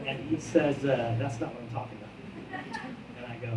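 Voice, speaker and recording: A brand executive telling a casual, self-mocking story at a conference, acting out both sides of each conversation. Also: male voice, medium pitch, slow, pauses often, reverberant, recorded from a distance, heavy background noise. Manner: animated anecdote, acts out both sides of dialogue. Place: conference hall with live audience.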